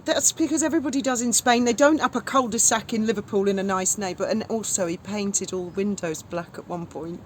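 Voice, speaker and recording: Woman in home chat, deadpan teasing, mid-pitched voice, faint hiss behind. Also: fairly quick, hardly any pauses. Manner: dry, teasing interjections. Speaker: wife of the vlogger. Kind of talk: casual chat.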